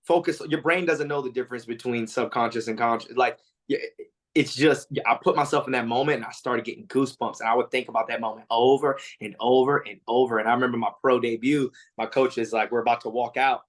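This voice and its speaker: A man's voice: mid-range voice, quick pace. A man, a fighter, answering interview questions in casual talk, acting out quotes with lots of fillers. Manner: animated storytelling, acts out quotes; frequent fillers and restarts. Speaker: MMA fighter, interview guest.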